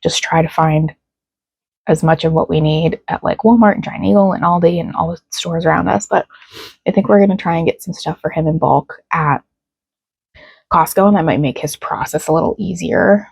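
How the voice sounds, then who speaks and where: A woman's voice: low-pitched, normal speed, vocal fry, a little mellow, breathy edge, no echo. A young woman talking casually to her vlog camera at home, frustrated and close to tears but laughing it off. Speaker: vlogger.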